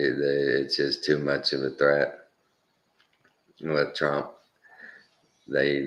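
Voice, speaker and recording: Very deep-voiced Texan man ranting. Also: fairly bright tone. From Texas. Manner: rambling, chuckling, emphatic repeats. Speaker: commentary host. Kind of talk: casual opinion monologue.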